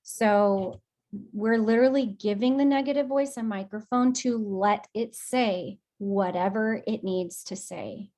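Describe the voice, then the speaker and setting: A woman guides an emotional release session for a group on a video call. She speaks at a slow, unhurried pace. Her manner is affectionate and encouraging, and she sits in the middle of the usual range for pitch. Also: a little mellow.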